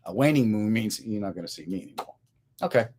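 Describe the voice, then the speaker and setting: A fairly low-pitched, fast-talking middle-aged man, with slight background noise, hosts his own comedy podcast. In casual live-stream chat with viewers, he jokes around and tells lively, humorous stories.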